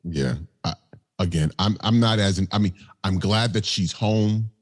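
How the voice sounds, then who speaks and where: Man, podcast co-host, low voice, laid-back slangy chat. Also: moderate pace. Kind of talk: casual chat.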